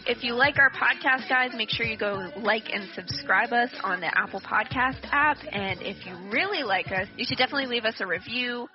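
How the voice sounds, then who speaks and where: A woman's voice: on the high side, brisk, hardly any pauses, highs cut off, music in the background. A woman co-hosting a podcast, introducing herself and asking listeners to subscribe. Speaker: podcast co-host. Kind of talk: casual podcast chat.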